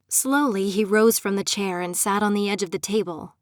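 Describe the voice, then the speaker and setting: A woman's voice: medium pitch, normal speed, hardly any pauses, dry recording, studio quality. A young adult woman narrating a first-person audiobook, emotive and turning pleading and desperate in her character's lines.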